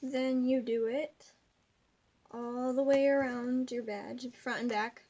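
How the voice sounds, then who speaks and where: A woman's voice: fairly high pitch, fairly even intonation, slow, heavy background noise. A young woman at home giving a rambling, giggly craft tutorial that keeps drifting off topic. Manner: rambling, giggly, easily sidetracked. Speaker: craft video maker.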